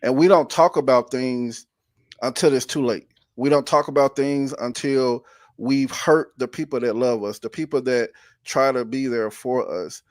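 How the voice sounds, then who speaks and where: A man hosting a podcast, speaking haltingly and openly, often restarting his sentences. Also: medium pitch, fairly even intonation, no room sound, clean studio sound. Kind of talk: casual conversation.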